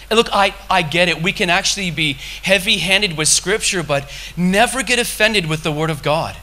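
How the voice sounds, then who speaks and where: A man preaching a sermon in a conversational style, with sudden loud, impassioned bursts. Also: sits high, a little fast.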